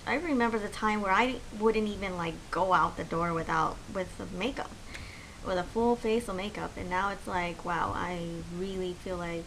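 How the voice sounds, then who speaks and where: A woman's voice: medium pitch, normal speed, fairly bright tone, low-quality recording. Chatty young woman vlogger with faint hiss. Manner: chatty, many fillers, heartfelt and encouraging. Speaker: beauty vlogger. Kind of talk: casual chat to camera.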